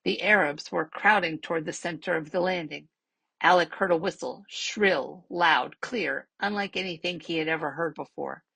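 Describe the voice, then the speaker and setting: A woman reading a children's novel aloud as a library storyteller, steady and measured, with soft trailing endings. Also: lowish voice, creaky, slightly rough, no echo, rough recording.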